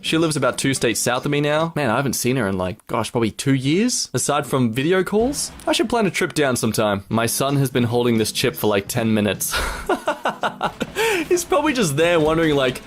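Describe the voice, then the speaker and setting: A man's voice: mid-range voice, very animated, fairly quick, hardly any pauses, a little hiss or hum. A young man hosting a casual reaction video, chatting and laughing often between remarks. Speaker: host reacting to online posts.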